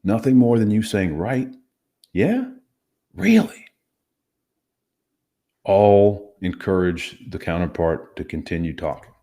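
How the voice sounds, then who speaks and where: With a low, mellow voice, he talks at a moderate pace and hardly pauses. The ex-hostage negotiator teaches communication skills conversationally in an interview, emphatic and instructive, and shows how inflections sound.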